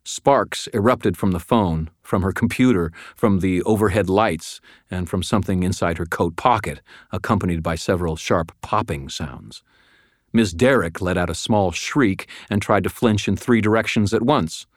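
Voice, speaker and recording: A deep-voiced man reads a first-person audiobook at a measured, dramatic pace, sometimes sinking almost to a murmur. His low voice sits close to the mic, and the recording is dry with no trace of room echo. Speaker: audiobook narrator.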